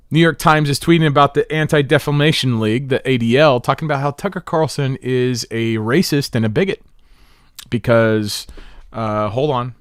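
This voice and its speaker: A man's voice: mid-range voice, clear, resonant tone, no room sound, studio quality. A man hosting a livestream, rambling and mocking, often laughing at his own jokes. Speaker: livestream host. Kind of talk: livestream commentary.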